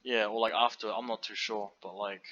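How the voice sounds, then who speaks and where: A man co-hosting a casual film podcast, loose and full of fillers. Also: fairly quick. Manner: loose and animated, many fillers, jumps high when mocking. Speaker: podcast co-host. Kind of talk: casual chat about films. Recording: dull lo-fi audio.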